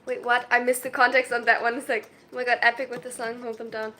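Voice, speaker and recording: A woman's voice: fairly high pitch, little pitch movement, sharp tone. A woman in her twenties chatting on a casual livestream, flustered, often breaking off mid-sentence and laughing. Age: 20s. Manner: flustered, self-interrupting, quick to laugh.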